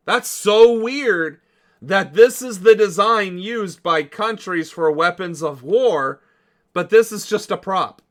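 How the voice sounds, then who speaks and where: A man's voice: high-pitched, slow. A man hosting a political livestream, commenting casually with sarcasm and disbelief and swearing freely.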